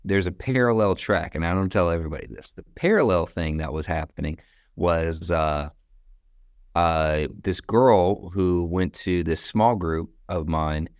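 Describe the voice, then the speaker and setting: Deep-voiced man, chatty storyteller. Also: a little slow, no room sound, clean studio sound. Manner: relaxed, chatty, says "man" and "bro", laughs between stories. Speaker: guest, company founder. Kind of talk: casual storytelling interview.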